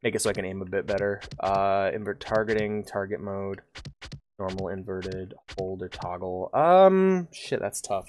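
A man's voice: low-pitched, normal speed, a little mellow, slight background noise. A man streaming a video game, chatting casually, joking and laughing at himself often. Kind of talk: casual gameplay commentary.

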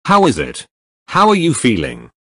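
A cheerful, gentle young hero, played by a man in a fan audio drama, teasing playfully and apologizing through giggles. His voice is lively in pitch and recorded close and dry. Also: normal speed, gravelly, husky, no room sound, full character voice.

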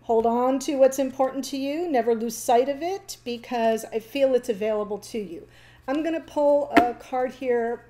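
A woman giving a casual, chatty tarot reading, talking warmly to the viewer with fillers and small laughs. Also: sits high, normal speed, slight background noise. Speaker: tarot reader.

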